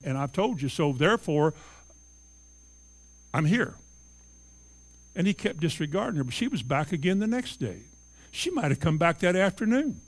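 A man preaching a sermon, retelling Bible stories emphatically and acting out the characters' voices. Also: on the high side.

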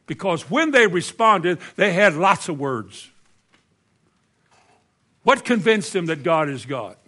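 A man's voice: sits high, big pitch swings, takes it slowly, bright, forceful tone. A man preaching a sermon, telling a Bible story animatedly and acting out the quoted lines in a raised voice.

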